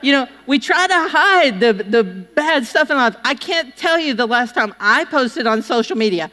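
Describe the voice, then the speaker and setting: A woman preaching a sermon, telling chatty, animated personal stories and acting out the voices of the people in them. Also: high-pitched, moderate pace, hardly any pauses. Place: church hall. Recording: long hall reverb.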